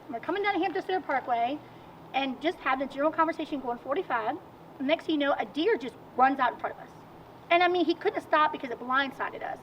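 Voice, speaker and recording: A woman with a Virginian accent, a guest in a casual outdoor interview, telling stories in an animated, chatty way. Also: high voice, fast. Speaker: guest, amateur racer. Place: outdoors at a car show. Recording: distant mic, dull sound, faint noise.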